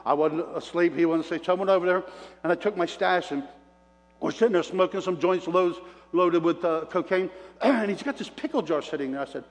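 A man preaching his testimony as an animated storyteller, folksy and plain-spoken, calling out to the congregation. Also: high voice, a little fast. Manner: animated storyteller with preacher call-outs to the crowd; folksy self-described redneck talk. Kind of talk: sermon testimony. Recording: long reverb of a large hall.

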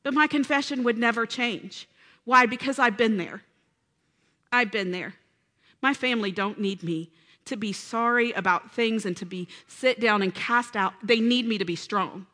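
A woman delivering a sermon with a bright, ringing voice that sits a little high. She preaches earnestly and with feeling, often turning to her listeners for an answer. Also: normal speed. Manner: earnest, emotional, addresses congregation with call-and-response. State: close to tears.

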